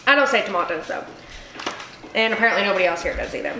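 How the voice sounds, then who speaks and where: A woman's voice: medium pitch, animated, fast talker, bright, forceful tone, slight background noise. A tipsy woman hosting a casual cooking vlog, rambling and swearing freely as she chops. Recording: echoey room with music behind.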